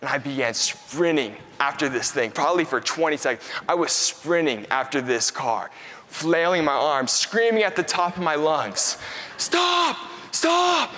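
Energetic young male preacher in a reverberant hall. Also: a little high, normal speed. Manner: conversational and energetic, acts out his stories. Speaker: pastor. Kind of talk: sermon.

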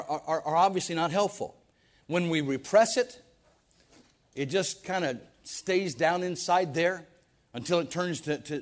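A man preaching a sermon, firing off rhetorical questions and stumbling over repeated words as he presses his points. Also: on the high side. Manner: emphatic preaching with stammered restarts and rhetorical questions. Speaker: pastor.

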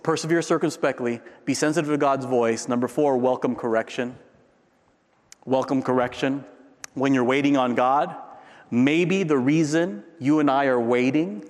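A man preaching a sermon in a conversational way, tossing in "right?" and swinging from loud peaks down to a near-whisper. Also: a little high, long reverb tail. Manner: frequent tag question "right?". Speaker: pastor.

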